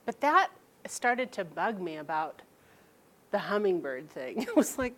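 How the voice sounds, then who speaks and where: A middle-aged woman telling a personal story to an audience, animated and laughing as she quotes her mother. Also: medium pitch, a little slow.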